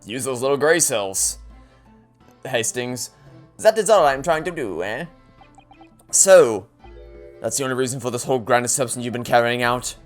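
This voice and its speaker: A man's voice: mid-range voice, expressive, normal speed, pauses often, soft background music, natural voice. A man voicing a grandiose young French nobleman and schemer in a put-on French accent, pompous and stern. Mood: smug.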